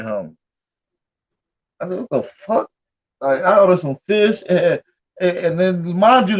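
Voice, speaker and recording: A man's voice: a little high, dull audio. A man hosting a casual livestream, telling stories in a loose, profane, laughing way. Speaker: livestream host.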